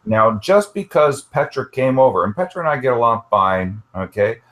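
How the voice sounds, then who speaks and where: A man's voice: medium pitch, lively intonation, moderate pace, fairly bright tone. A man arguing heatedly in an online group chat, swearing often and punctuating every point with "okay". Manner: argumentative, keeps inserting "okay" and swearing. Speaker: participant in an online group hangout. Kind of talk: heated casual argument.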